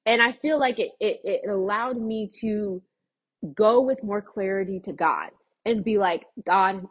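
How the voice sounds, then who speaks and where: A woman's voice: mid-range voice, a little slow, slightly rough, muffled recording. A young woman, a college student, talking about her life in a chatty, earnest way, with many "like" fillers. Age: young adult. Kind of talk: casual personal talk to camera.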